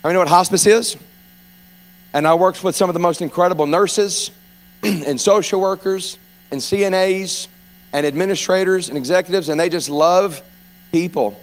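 A man preaching a sermon, telling stories in a rambling, animated way that rises to fervent preaching. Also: high voice, normal speed, pauses often. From North Louisiana. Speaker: pastor and hospice chaplain.

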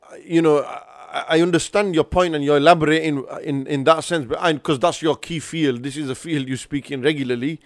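Male podcast host, fairly high voice, dry close sound, earnest advisory talk. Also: fairly even intonation, a little fast, no room sound. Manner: earnest, advisory, many restarts. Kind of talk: casual podcast discussion.

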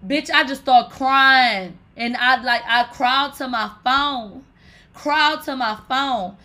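A woman with a high, bright voice chatting on her live stream. She rambles through stories to her viewers, full of "like" and profanity, and keeps addressing them as "bitch". Her talk is loose and animated. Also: slow. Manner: animated, profane, swears and calls listeners "bitch" often; rambling, with many fillers like "like". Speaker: livestream host. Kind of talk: casual storytelling to viewers.

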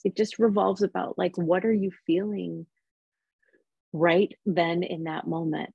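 A woman's voice: fairly low pitch, steady tone, measured pace, creaky, breathy edge, dry recording, lo-fi sound. A woman who works as a Reiki practitioner, talking reflectively in a casual podcast conversation with many fillers. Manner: warm reflective speech with frequent laughs and fillers.

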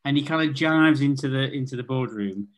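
A man's voice: mid-range voice, fairly quick. A man on a podcast, describing an imagined scene in vivid detail, full of "like" and "kind of.". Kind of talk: casual comedic chat.

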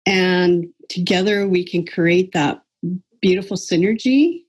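Husky, lowish-voiced middle-aged woman. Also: measured pace, lo-fi sound. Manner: hesitant, many ums, self-deprecating. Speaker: participant on a group call. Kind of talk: casual personal sharing.

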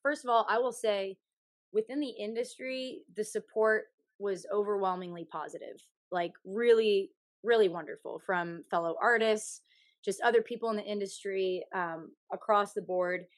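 A young woman, a singer from Canada, telling a story candidly as a podcast guest, with a frank, animated manner, swearing freely and laughing often. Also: medium pitch, moderate pace, dry recording.

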